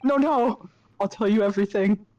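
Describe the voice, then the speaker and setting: A woman's voice: mid-range voice, lively intonation, slow, dull audio. A woman voicing a dazed, panicky young man who wakes up handcuffed, reading with bewildered pleading.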